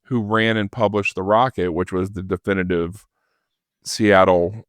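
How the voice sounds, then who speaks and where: An older man tells a story in a relaxed, casual way and slips into other people's voices as he quotes them. His voice sits low, and it is recorded close and dry with no room sound. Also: a little slow, dry recording. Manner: lively storyteller who acts out quoted voices. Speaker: podcast guest, former record store manager. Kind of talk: casual anecdote telling.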